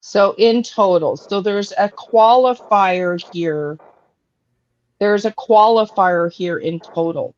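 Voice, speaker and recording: A woman's voice: mid-range voice, takes it slowly, darkish tone, no echo, highs cut off. A woman hosting a live true crime stream, blunt and profane, who keeps checking in with "okay?" and "right?". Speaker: true crime analyst host. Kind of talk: casual live-stream commentary.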